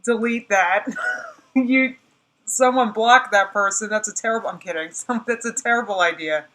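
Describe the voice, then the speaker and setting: A woman with a New Jersey accent reacts to a livestream in a blunt, exasperated way. Her voice is bright, and she often laughs in the middle of her rants. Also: medium pitch, moderate pace, rough recording. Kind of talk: casual reaction commentary.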